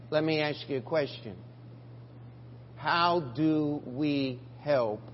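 An older man preaching a sermon as pastor, halting, with frequent fillers and restarts. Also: mid-range voice. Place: church sanctuary. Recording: dull lo-fi church recording with long reverb and faint hum.

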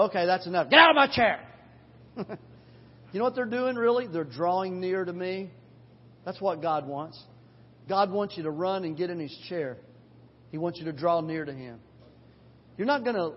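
Older husky-voiced pastor preaching in a hall. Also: male voice, high voice. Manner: preaching with emphatic repetition, swinging from loud to hushed. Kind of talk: sermon. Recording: dull recording in a hall with long reverb.

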